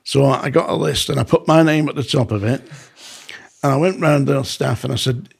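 A man with a gravelly, husky voice recounts his time as a prison officer on a podcast. He tells it casually, at a middle pitch, and lively acts out what each person said. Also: normal speed. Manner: animated, acts out quoted dialogue. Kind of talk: casual storytelling.

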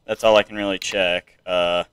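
A man's voice: sits low, little pitch movement, normal speed, fairly bright tone, slight background noise, rough recording. A young man giving casual let's-play commentary, mumbly and hesitant with many ums, sometimes yelping up into panicked no-no-nos. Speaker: gameplay streamer. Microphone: desk mic with webcam.

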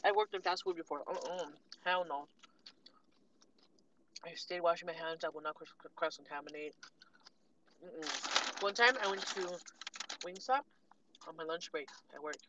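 A woman vlogger telling a casual story with animated, sassy delivery and acted-out quotes. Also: on the low side, moderate pace, pauses often, background noise. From California. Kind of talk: casual storytime while eating.

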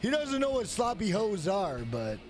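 A man in his thirties livestreaming in casual chat, brash and profane, shouting out greetings to viewers. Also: high voice, very animated, normal speed, faint music behind. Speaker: gaming livestreamer.

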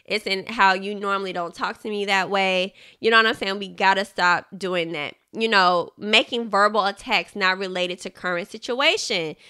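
Woman, podcast host, bright tone, smooth clear voice, casual chatty book talk. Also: medium pitch, moderate pace, few pauses. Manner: chatty, animated, laughs often, addresses listeners as y'all.

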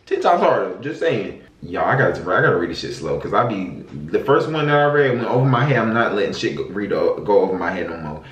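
A man reading out viewer confessions in a casual reaction vlog, blunt and profane, jumping between squealed outbursts and low mutters. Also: animated, fast, hardly any pauses, echoey room, dull audio.

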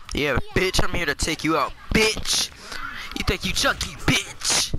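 A man giving profane, raging commentary on his own fighting-game match, trash-talking and shouting at the screen. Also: high voice, creaky. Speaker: gaming channel host. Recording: loud background noise.

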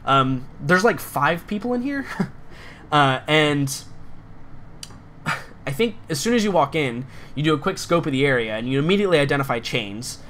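A man's voice: a little high, animated, normal speed, pauses often, a bit bright. Male GM, casual rambling narration, filler-heavy, faint room noise. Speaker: game master. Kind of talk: narrating a tabletop game.

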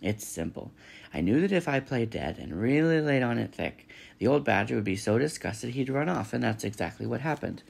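A man's voice: medium pitch, animated, fairly quick, gravelly. A man reading aloud, voicing a theatrical, chatty female possum in a storybook with a hissing, showy manner.

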